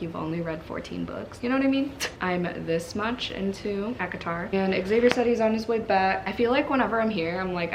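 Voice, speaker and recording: A woman's voice: lowish voice, slight background noise. A woman book vlogger in casual, chatty vlog talk, laughing often and gushing as she talks, recorded indoors at a friend's home.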